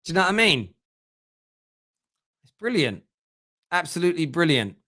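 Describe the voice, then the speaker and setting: A man's voice: fairly high pitch, very animated, moderate pace, bright, forceful tone. A young man hosting a casual football fan live stream, joking and reading viewers' comments aloud. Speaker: fan channel host.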